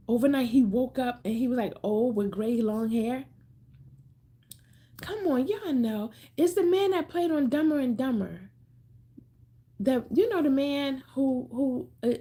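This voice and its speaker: Chatty woman on a livestream, kinda high, mellow husky voice, playful, repeats stuff. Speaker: livestream host. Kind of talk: casual livestream chat reading viewer comments.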